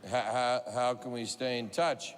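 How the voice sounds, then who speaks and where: A man putting on a confused older male film star who speaks slowly, with halting hesitations. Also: mid-range voice, level tone, big-room sound, noisy background, pitched below the performer's own voice, lightly acted. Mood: puzzled.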